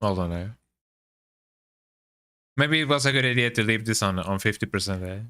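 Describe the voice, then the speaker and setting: A man's voice: lowish voice, moderate pace, pushed and bright, smooth, soft background music. A man whose first language is Spanish, commenting casually on his gameplay, chatty and wry, often tagging sentences with a questioning "eh". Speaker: streamer.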